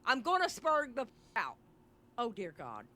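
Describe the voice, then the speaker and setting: A woman streamer reacting live to a video, with loud, animated and profane outbursts. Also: fairly high pitch, normal speed, a little hiss or hum.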